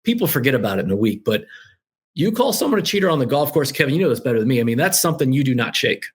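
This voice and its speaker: A man with a slightly husky voice tells a golf story as a guest on a show. He talks with lively energy, mimicking the people in the anecdote. The delivery is casual and conversational. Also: mid-range voice, racing. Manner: lively anecdotal storyteller, acts out quoted dialogue. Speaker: guest author. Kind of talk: animated storytelling.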